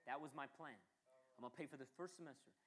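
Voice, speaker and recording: A man preaching a sermon and telling a personal testimony, who swings from quiet and low to loud and high when he acts out his younger self. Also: quick pace.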